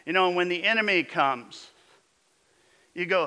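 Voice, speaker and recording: A male pastor preaching to his congregation at a deliberate, unhurried pace. His tone is bright and forceful, and he swings between emphatic calls to action and low, intense asides. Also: smooth. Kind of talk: sermon.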